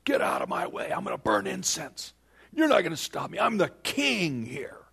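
A man voicing a proud, defiant ancient king who insists on getting his way, in a husky, lively voice. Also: medium pitch, normal speed, exaggerated voice. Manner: boastful, insistent.

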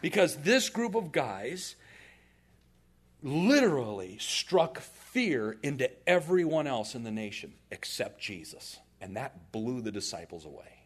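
A man's voice: medium pitch, unhurried, breathy edge. A man in his forties, preaching a sermon and telling stories animatedly. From United States. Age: 40s. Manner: animated, laughing through anecdotes. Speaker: pastor. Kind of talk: storytelling sermon.

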